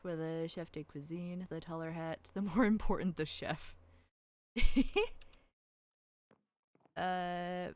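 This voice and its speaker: A woman's voice: on the low side, steady tone, slow pace, pauses often. A woman livestreaming a video game, chatting casually to her viewers, rambling and giggling, and squealing over cute characters. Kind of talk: casual gameplay commentary to chat.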